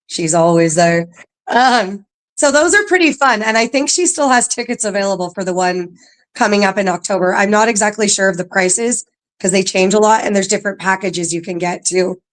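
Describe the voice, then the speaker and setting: A woman working at a haunted museum, talking casually as a podcast guest, chatty and quick to laugh, with lots of ums. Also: medium pitch. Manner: chatty, laughs often, filler-heavy. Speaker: paranormal museum staff guest.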